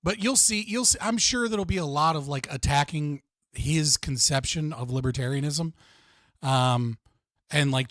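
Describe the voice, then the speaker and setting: A man's voice: medium pitch, dry recording. Joking man streamer, dry close mic. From United States. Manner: joking, rambling, laughs often. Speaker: streamer and debate host. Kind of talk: casual livestream chat.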